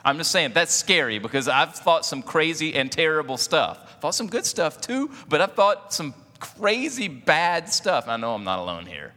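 A man preaches in a church with a bright, forceful tone, joking easily and putting questions to the congregation. His words ring out with a long hall reverb behind them. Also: on the high side, sing-song, moderate pace, hardly any pauses. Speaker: pastor. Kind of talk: sermon.

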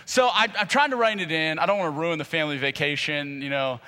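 A man preaching with a comic personal story, his voice bright, forceful and pitched a little high. He is animated, acting out quotes and breaking into loud exclamations. A long reverb from a large church hall trails behind him. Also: fast.

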